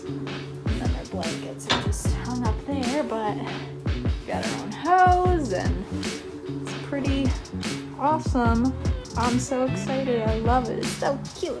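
A young woman vlogging a tour of her horse barn, gushing and cooing at the animals. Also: mid-range voice. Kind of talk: casual vlog tour. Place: horse barn, outdoors and in stalls.

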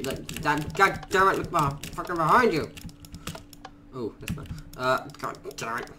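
A man doing let's play commentary, muttering quietly to himself and then bursting into panicked shrieks and swearing. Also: mid-range voice, lively intonation, unhurried, long pauses, a little hiss or hum. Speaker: gaming YouTuber.

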